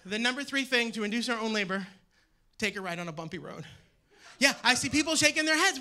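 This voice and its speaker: Stand-up comedian, man from Maine, animated and ranting, piercingly bright tone, theater stage. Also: very high-pitched, quick pace. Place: theater stage with live audience.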